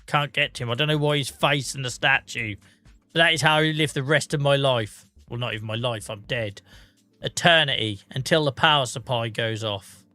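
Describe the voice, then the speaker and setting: A man with a medium-pitched, sharp-toned voice talks at normal speed over soft background music. Hosting a game livestream, he reads out viewer comments and chats casually in a self-mocking way as he plays.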